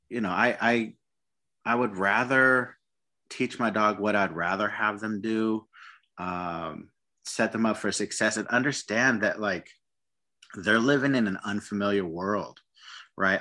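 A man with a low, bright and forceful voice talks about dog training in a relaxed conversation. He hesitates often and circles back, repeating words as he finds his point. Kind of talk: casual podcast conversation.

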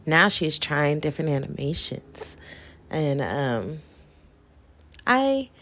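A woman's voice: low-pitched, very animated, slow, fairly bright tone. A woman hosting her own show, chatting casually and rambling with plenty of fillers. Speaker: podcast host. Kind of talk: casual solo chat.

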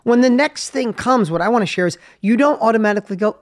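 A man's voice: high-pitched, fast talker. A man in his fifties, a podcast host speaking in a reflective, emphatic, coaching way. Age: 50s. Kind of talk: podcast interview.

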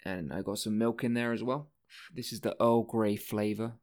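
A man's voice: on the low side, steady tone, moderate pace, a little mellow. A man hosting a casual solo podcast, rambling from one thing to the next, swearing often and breaking off his own sentences. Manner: rambling, profane, self-interrupting. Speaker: podcast host.

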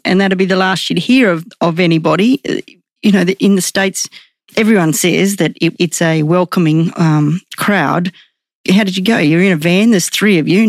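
Aussie guy interviewing, kinda high voice, dry close sound, winding questions. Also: no room sound. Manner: conversational, long winding questions. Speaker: radio interviewer.

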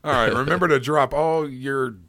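A man's voice: mid-range voice, fairly even intonation, moderate pace, fairly bright tone, no echo, clean studio sound. A man co-hosting a podcast, chatting casually and reading a silly word-game story aloud, laughing at his own readings. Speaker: podcast co-host.

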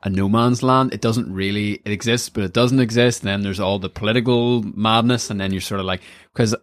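A young man from Northern Ireland with a Northern Irish accent, hosting a podcast in casual chat, animated and quick to laugh. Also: fairly low pitch, no echo. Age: young adult. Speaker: podcast host.

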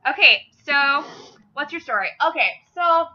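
A woman's voice: sits high, expressive, moderate pace, no room sound, muffled recording. A young woman with a Minnesotan accent, hosting a casual podcast in a rambling, self-deprecating way that drifts off on side tracks. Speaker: podcast host.

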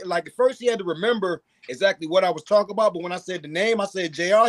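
A man co-hosting a podcast, teasing the others in an animated way. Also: sits high, racing, few pauses. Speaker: podcast co-host. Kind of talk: casual chat.

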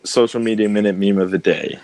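A man's voice: lowish voice, a little fast, a little mellow, slight background noise. A young man co-hosting a podcast, rambling through a story and laughing often as he loses track. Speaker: podcast co-host. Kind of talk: casual chat.

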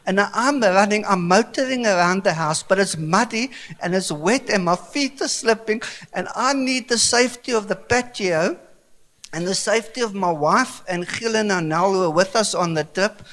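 A South African man in his fifties, an Afrikaans speaker, preaching a sermon with animated, comic storytelling. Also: high voice, moderate pace. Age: 50s. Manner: animated, comic storytelling with sudden bursts of excitement. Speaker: pastor.

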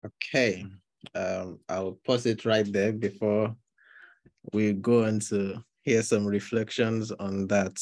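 Slow, low-voiced man leading an online group. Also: little pitch movement, dry recording. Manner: gentle, unhurried questioning with pauses. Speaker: leader of an online group session. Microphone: video call.

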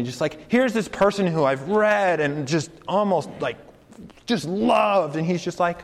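Earnest preacher man in a reverberant hall. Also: sits high. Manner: conversational, earnest, slows down for emphasis. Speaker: campus preacher. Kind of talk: sermon.

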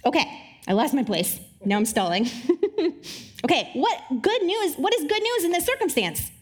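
A woman giving a conversational sermon to a live audience, wry and joking, with quick asides. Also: high-pitched, sing-song. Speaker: speaker. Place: live talk before an audience.

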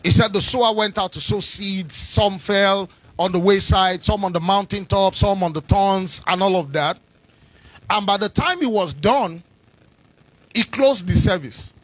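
A man preaching a sermon, shouting in a sing-song cadence and calling on the congregation to respond. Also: high-pitched, unhurried, dry recording.

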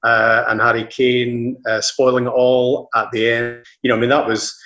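Casting: a middle-aged Scottish football commentator as an interview guest, anecdotal and rambling, full of restarts, on slightly dull, lo-fi audio. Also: male voice, mid-range voice, flat delivery, moderate pace, fairly bright tone. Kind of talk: casual interview chat.

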